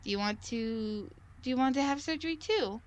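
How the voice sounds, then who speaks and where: A woman's voice: a little high, animated, moderate pace, lo-fi sound, lightly acted. A woman reading the lines of a worried middle-aged mother who anxiously questions her child in a visual novel game.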